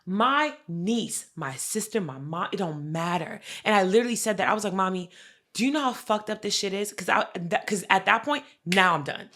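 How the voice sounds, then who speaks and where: Animated woman telling a family story. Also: mid-range voice, normal speed. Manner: animated storytelling, acts out quoted family members, frequent swearing. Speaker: podcast co-host. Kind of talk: casual chat.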